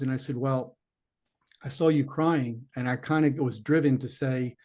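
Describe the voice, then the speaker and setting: A middle-aged man tells a personal story in an earnest, rambling way, stopping to restart his sentences and acting out what he thought at the time. His voice sits at an ordinary pitch for a man. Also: steady tone, moderate pace, a little mellow. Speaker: interview guest, former police detective turned psychic medium. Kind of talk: conversational storytelling.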